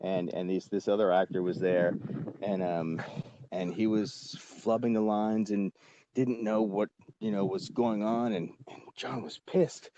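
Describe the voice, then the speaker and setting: Mellow-voiced man telling a rambling story. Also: on the low side, a little slow, highs cut off. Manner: rambling, filler-heavy, lively, swears casually. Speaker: actor, podcast guest. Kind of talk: casual storytelling.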